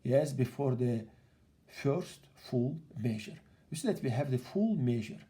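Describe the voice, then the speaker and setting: Slow, patient piano teacher in an echoey room. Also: male voice, mid-range voice, expressive, dark tone. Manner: patient, repetitive explaining with counting aloud. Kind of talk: piano lesson. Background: piano playing.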